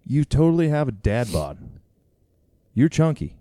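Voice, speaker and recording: A man's voice: mid-range voice, very animated, measured pace, mellow, dry recording, studio quality. A young man from Idaho, co-hosting a casual podcast from a home basement, teasing his friend in joking banter. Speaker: podcast co-host, rodeo announcer.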